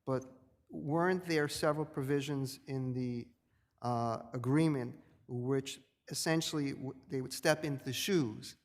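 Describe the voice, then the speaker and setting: Judge pressing counsel in an echoing courtroom. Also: male voice, medium pitch. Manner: probing, pressing, halting restarts. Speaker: appellate judge. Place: appellate courtroom. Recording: reverberant courtroom sound.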